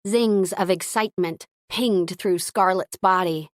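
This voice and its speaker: Woman audiobook narrator, lowish voice, expressive reading, dry close sound. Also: a little slow, no room sound.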